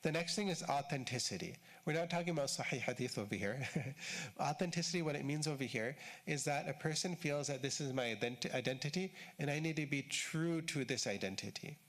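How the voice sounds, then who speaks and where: A shaykh gives a conversational religious lecture at a mosque, explaining things in short, repeated phrases with casual fillers. His voice is fairly high, fairly quick and a bit bright.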